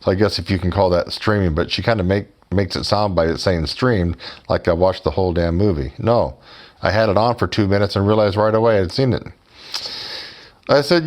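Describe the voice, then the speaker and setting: Sarcastic low-voiced man. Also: brisk, darkish tone. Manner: sarcastic, mocking; addresses viewers directly as folks. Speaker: YouTuber. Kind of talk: sarcastic storytelling to camera.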